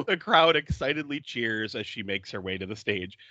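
A man's voice: fairly low pitch, moderate pace, dry recording, dull audio. A man hosting a podcast, recapping a film in casual chat and laughing often. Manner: laughs often, animated and chatty. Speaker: podcast host.

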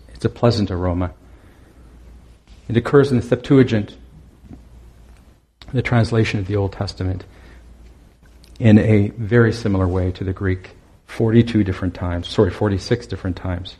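A man preaching a sermon to his congregation, speaking in an earnest, exhorting way with many pauses. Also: fairly low pitch, fairly even intonation, mellow, breathy edge.

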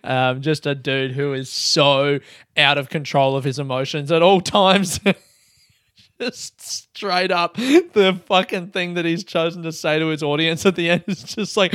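A man's voice: on the high side, a little slow, a bit bright, clear, resonant tone, no room sound, studio quality. A young man hosting a solo podcast, rambling casually, swearing and laughing at himself. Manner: casual, swearing, laughing asides, self-mocking. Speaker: podcast host. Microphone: close podcast mic.

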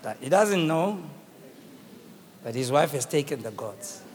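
A man with a South African accent preaching a sermon and telling the story dramatically, swinging from shouts to hushed tones. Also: on the high side, sing-song, unhurried. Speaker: bishop preaching. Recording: long reverb of a church hall.

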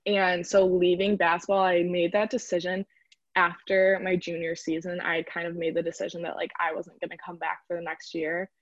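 A woman's voice: on the low side, level tone, normal speed, dry recording, dull audio. A young woman from the Chicago area, chatting casually in an interview as a college rower and filling her speech with "like". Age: young adult. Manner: chatty, lots of "like" fillers.

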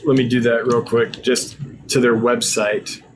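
A man's voice: medium pitch, level tone, a little slow, a little hiss or hum. A tired man hosting a live stream, reading viewer usernames aloud and chatting casually, sometimes stumbling over words.

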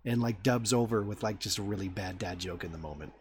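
A man's voice: fairly low pitch, fast. A man hosting a casual podcast, introducing guests and laughing often. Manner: laughing, lively. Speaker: podcast host. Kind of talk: casual chat.

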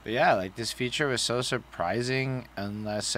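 A man's voice: medium pitch, normal speed, fairly bright tone, a little hiss or hum. A man co-hosting a casual album review, talking in a loose, profane, rambling way. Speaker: podcast co-host reviewing an album.

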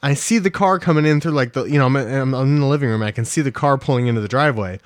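A man's voice: mid-range voice, racing, no room sound, clean studio sound. A young man co-hosting a podcast in casual chat, telling rambling stories with lots of swearing. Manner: rambling storyteller, swears a lot. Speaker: podcast co-host.

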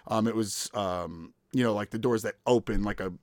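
A man in his thirties with a fairly low, darkish voice hosts a podcast at a moderate pace, telling stories in casual chat. He laughs often and acts out the voices he quotes. The sound is clean studio audio with no echo.

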